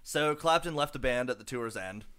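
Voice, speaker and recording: A man's voice: mid-range voice, animated, moderate pace, fairly bright tone, smooth. A man co-hosting a casual comedy podcast, reading out a musician's history with lots of fillers and swearing. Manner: profane, filler-heavy storytelling. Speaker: podcast co-host.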